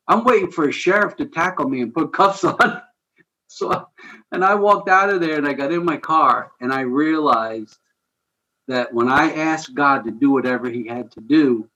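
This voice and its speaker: A man's voice: mid-range voice, lo-fi sound. A man guest on a podcast, telling a personal story in an earnest, conversational way. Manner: earnest, conversational, animated retelling with chuckles. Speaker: guest, ministry founder.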